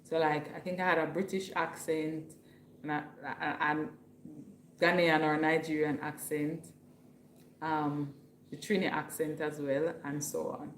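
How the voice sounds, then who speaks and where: A woman's voice: deep voice, little pitch movement, unhurried, reverberant, slight background noise. A woman from Jamaica with a Jamaican accent, hosting a casual livestream at home and chatting with viewers while reading their comments aloud. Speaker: livestream host.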